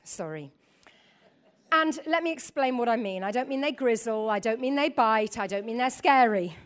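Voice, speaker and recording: High-voiced woman preaching with playful humor. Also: normal speed. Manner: animated, laughing, acts out voices. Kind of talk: lively sermon with humor.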